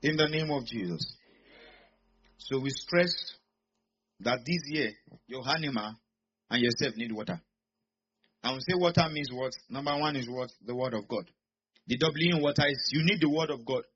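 A man's voice: mid-range voice, normal speed, long pauses, fairly bright tone, breathy edge. A man preaching a sermon, repeating lines and calling on the congregation to answer back. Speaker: pastor. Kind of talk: sermon with call-and-response. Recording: dull lo-fi recording.

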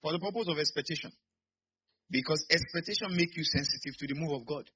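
Nigerian man preaching in church, husky and sharp, bursts of shouting, kinda muffled recording. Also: a little high, fast. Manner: preaching with sudden shouts and acted asides. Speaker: pastor. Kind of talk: sermon.

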